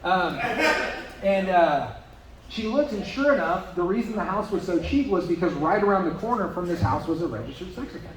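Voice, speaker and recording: Speaking fairly quickly in a high voice, a young man performs a crude stand-up set at a brewery comedy night, slipping deadpan asides between his ums and uhs. The live room is echoey, and crowd noise can be heard.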